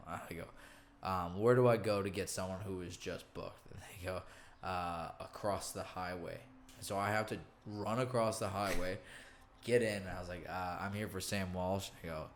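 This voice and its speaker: A young man on a podcast telling a story in casual chat, animated, acting out quotes and laughing often. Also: deep voice, moderate pace, a little hiss or hum. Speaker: podcast co-host.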